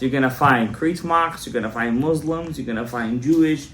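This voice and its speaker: A male rabbi telling a story in a Torah class, animated and joking, mixing in Hebrew terms. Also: medium pitch, a little fast, few pauses. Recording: echoey room, faint background.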